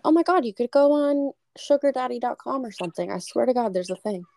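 Gravelly young woman, dry. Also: a little high, fast talker, no echo. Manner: animated, swears freely, laughs often. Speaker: podcast co-host. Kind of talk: casual chat. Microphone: remote call.

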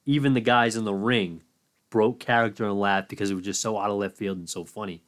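A man's voice: lowish voice, fairly even intonation, fairly quick. A man hosting a casual, enthusiastic recap of wrestling moments. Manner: enthusiastic, chatty. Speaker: wrestling commentary host.

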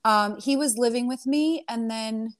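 A woman guest in a casual chat, telling a long family story in a rambling, animated way. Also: on the high side, unhurried. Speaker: interview guest.

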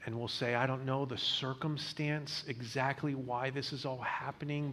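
A male pastor preaching a sermon in an earnest way, repeating words as he builds a point and dropping to a hushed voice on tender lines. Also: medium pitch, little pitch movement, moderate pace, hardly any pauses, a little hiss or hum.

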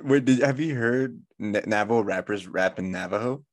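A man's voice: fairly low pitch, normal speed, no echo, clean studio sound. A young man co-hosting a podcast, chatting casually, laid-back and chuckling, swearing now and then. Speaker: podcast co-host. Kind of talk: casual chat.

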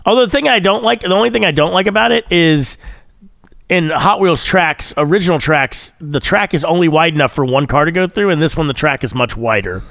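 A man's voice: fairly high pitch, expressive, brisk, creaky, a bit bright, dry recording, clean studio sound. A young man co-hosting a podcast, chatting casually and playfully teasing his partner, with frequent "like" fillers. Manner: playful, teasing, says "like" a lot. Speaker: podcast co-host. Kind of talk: casual chat.

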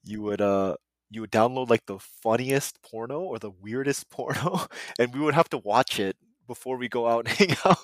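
A man of middle pitch hosting a podcast, drifting through loose stories and breaking into laughter. The sound is dry and close to the mic, with no room behind it. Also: moderate pace, dry recording. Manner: laughs often, relaxed rambling anecdotes. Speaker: podcast host. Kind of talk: casual chat.

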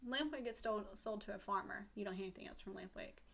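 A woman co-host tells a story in loose, casual chat, with a voice that sits in an ordinary middle range. She swears freely along the way. She slips into quick asides for the characters' lines. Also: medium pitch, creaky, fairly bright tone. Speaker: podcast co-host.

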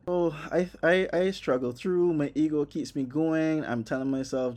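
A young man tells a comic story with plenty of profanity, acting out his own reactions as he goes. His voice is mellow and warm, and he stays animated throughout. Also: fairly high pitch, moderate pace, hardly any pauses. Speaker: vlogger. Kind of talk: comedic personal storytelling.

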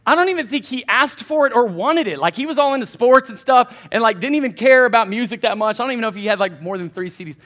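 A man preaching to college students in a church, his voice sitting high for a man. He tells stories in a loose, chatty way and speaks right to the listeners. It sounds like a relaxed sermon. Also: quick pace, few pauses. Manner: chatty, animated anecdotes addressing the crowd directly. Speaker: college pastor. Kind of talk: casual storytelling sermon.

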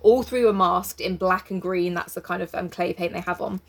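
A woman's voice: fairly low pitch, steady tone, gravelly. A woman casually chatting and reading a novel aloud, laughing and swearing as she goes. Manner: laughing, sweary, breaks into quick character voices. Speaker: book club co-host reading aloud. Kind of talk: casual chat with read-aloud passages.

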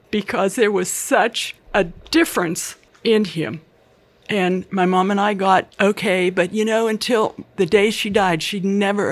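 Older woman, interviewee, earnest and chatty storyteller who quotes people. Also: fairly low pitch. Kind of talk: personal life story.

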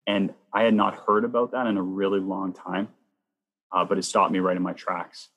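A man from Canada sharing his personal faith testimony as a guest, telling it in a lively way that acts out what people said. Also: deep voice, moderate pace, husky, in a large hall. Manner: lively storyteller, acts out quoted lines.

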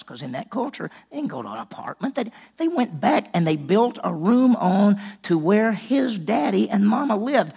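A man's voice: high-pitched, big pitch swings, normal speed, gravelly, hardly any pauses, warm tone, breathy edge. A man preaching a sermon as senior pastor, telling it in a folksy way and acting out the quotes. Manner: folksy storytelling, acts out quotes.

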